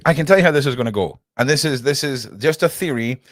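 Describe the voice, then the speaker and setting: A man's voice: mid-range voice, animated, fast, no room sound, clean studio sound. A man hosting a livestream, chatting sarcastically and jokily with lots of slang. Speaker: livestream host. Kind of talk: casual commentary.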